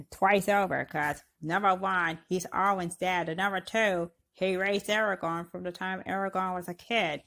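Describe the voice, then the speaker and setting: A woman's voice: on the low side, a bit bright. A woman co-hosting a casual fan chat show, talking in a chatty, giggly way that is full of laughs and restarts. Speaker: show co-host.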